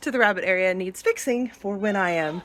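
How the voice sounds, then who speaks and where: A woman's voice: medium pitch, fairly quick, a bit bright. A woman in her thirties or forties vlogging casually on her farm while doing chores, filming on a handheld camera outdoors and in barns. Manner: chatty, talks sweetly to animals. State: out of breath at times. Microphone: handheld camera, she films herself.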